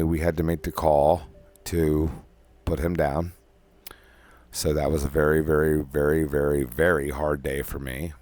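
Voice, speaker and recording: A man's voice: rumbling low, darkish tone. A man talking casually and at length about his everyday life, rambling with frequent ums and restarts, and he has the hiccups. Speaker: podcast host. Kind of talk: casual personal monologue.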